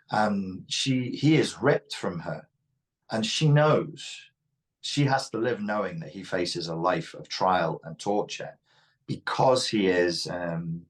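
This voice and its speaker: A man with a Liverpool Scouse accent, speaking frankly and reflectively as an interview guest. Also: sits low. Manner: reflective, frank, occasionally swears. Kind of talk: candid interview talk.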